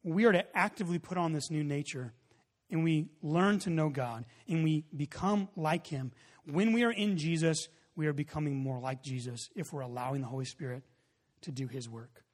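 Male pastor, thirties, high voice, lively storytelling sermon, long hall echo. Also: moderate pace. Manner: animated storytelling, acts out his own reactions.

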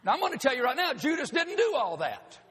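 A pastor preaching a sermon in a church, folksy and joking with the congregation. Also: male voice, very high-pitched, wildly swooping pitch, fast, a bit bright. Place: church sanctuary. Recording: long hall reverb.

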